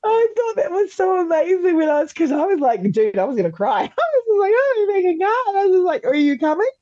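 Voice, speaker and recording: An Australian woman telling stories on a podcast with lively energy, dropping swear words and laughing as she acts out other people's lines. Her voice is mellow and a touch dark. The audio sounds dull and lo-fi, like a remote call. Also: very high voice, fast, no room sound. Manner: animated, swears freely, laughs often, acts out quotes. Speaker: podcast guest, former reality show contestant. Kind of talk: casual interview chat.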